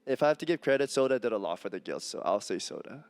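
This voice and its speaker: A man's voice: medium pitch, expressive, fast, smooth, no echo, soft background music. Upbeat laughing man on a panel. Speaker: streamer panelist. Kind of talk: casual live panel chat. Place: convention stage.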